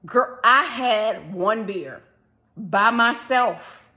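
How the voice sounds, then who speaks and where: A woman vlogger chatting casually about a solo trip, telling the story with lively acted-out reactions. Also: fairly high pitch, very slow. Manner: animated storytelling, acts out her own past reactions. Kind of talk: casual chat.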